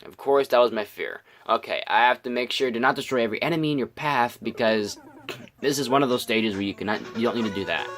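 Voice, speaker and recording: This let's play host, a young man, speaks quickly at medium pitch with a fairly bright tone over soft background music. His voice is still scratchy from just waking up, and his relaxed game commentary wanders with many ums and restarts.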